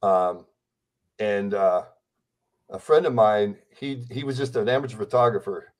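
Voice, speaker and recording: A man's voice: fairly low pitch, measured pace. A man in his sixties, a guest on a podcast interview, who talks in a rambling, enthusiastic way. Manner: rambling, enthusiastic, slips into impressions. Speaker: interview guest, celebrity impersonator.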